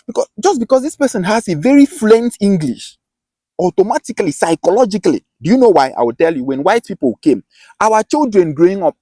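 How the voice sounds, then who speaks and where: A high yet dark-toned male voice, recorded with no room sound, belongs to a self-styled teacher with a Nigerian Akwa Ibom accent. His lesson is passionate and emphatic, with phrases often repeated and restarted.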